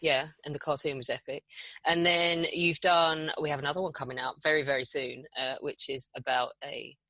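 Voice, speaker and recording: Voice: mid-range voice, fairly even intonation, normal speed, bright, forceful tone, no echo. A podcast co-host who chats playfully and makes jokey asides. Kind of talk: casual conversational podcast chat.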